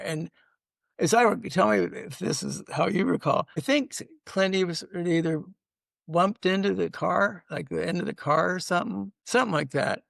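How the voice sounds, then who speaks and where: Older guy guest on a podcast, gravelly, kinda high voice, dry close mic, rambles his stories. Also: moderate pace, a bit bright, no room sound. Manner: rambling anecdotes with many fillers and restarts. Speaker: sitcom writer and producer, guest. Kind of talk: casual interview storytelling.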